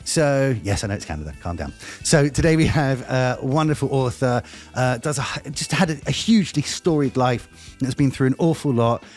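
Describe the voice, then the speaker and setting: A man's voice: medium pitch, animated, moderate pace, faint music behind. A man hosting a live online talk show, rambling jokily and teasing himself as he introduces his guest. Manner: jokey, rambling, self-mocking. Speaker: host.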